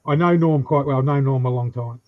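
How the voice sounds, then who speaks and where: A man chatting in a relaxed way on a livestream. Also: mid-range voice, fairly quick, dry recording. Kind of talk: casual live chat. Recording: dull lo-fi sound.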